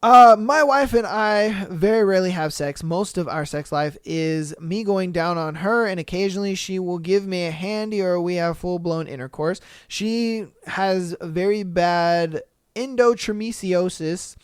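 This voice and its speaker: A man hosting a podcast, reading listener stories aloud and reacting with animated, profane, mock-outraged asides. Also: high-pitched, a little slow, clear, resonant tone, no room sound, studio quality. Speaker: podcast host.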